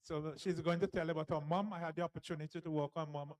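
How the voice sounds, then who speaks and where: A man's voice: a little high, fairly even intonation, fast, darkish tone, no echo, poor audio. A man, one of the authors, hosting a live book launch in a jovial, teasing way, laughing often. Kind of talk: lively live event hosting.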